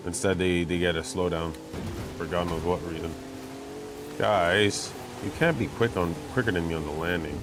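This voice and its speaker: A man giving chatty, self-mocking commentary while playing a racing game, getting excited when he pulls ahead. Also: low voice, moderate pace, over music. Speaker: gamer commentating his play. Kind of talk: casual gameplay commentary. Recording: game engine noise behind voice. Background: racing game car sounds.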